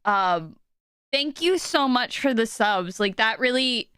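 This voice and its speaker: A woman's voice: on the high side, expressive, takes it slowly, sharp tone, smooth, no room sound, clean studio sound. A woman streaming live, talking casually and stammering, emotional and near tears. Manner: flustered, stammering, often laughing.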